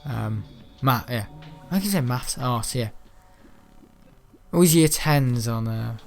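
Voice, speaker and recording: A young man who is ill, chatting in a rambling way with many ums during gameplay commentary. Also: medium pitch. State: ill, unwell. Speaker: gaming channel host.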